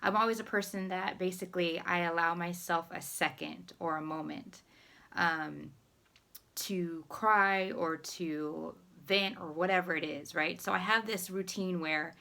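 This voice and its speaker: A woman's voice: on the low side, pushed and bright. A woman life recovery coach talking casually to her viewers, with many fillers and restarts, encouraging them. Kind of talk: casual spoken vlog.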